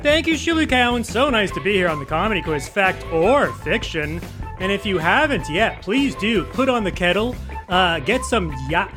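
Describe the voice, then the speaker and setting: A man hosting a comedy quiz podcast, playful and animated, joking as he introduces his guests. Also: high-pitched, normal speed, music in the background. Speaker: quizmaster host.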